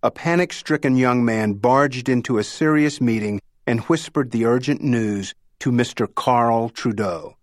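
A man's voice: mid-range voice, dry recording. Male narrator with a dry, close sound. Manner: measured storytelling delivery. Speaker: audiobook narrator. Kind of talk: scripted narration.

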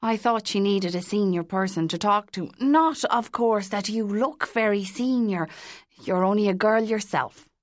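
A woman reading a gentle, earnest male priest. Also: medium pitch, unhurried, dry recording, clean studio sound, natural voice. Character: kindly gentle male priest, acting chaplain.

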